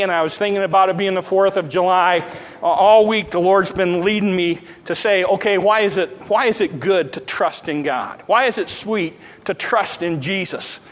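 A man preaching a sermon, drawing out scripture quotes slowly and rushing through casual asides. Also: high-pitched, big-room sound, poor audio. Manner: preaching with slow emphatic quotes and fast asides. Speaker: pastor. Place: church sanctuary.

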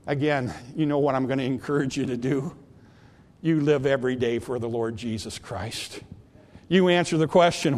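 A man's voice: medium pitch, moderate pace, darkish tone. A man preaching a sermon in a church, earnestly repeating questions to the congregation before leading a prayer. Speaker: pastor. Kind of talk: sermon with altar call and prayer. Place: church sanctuary.

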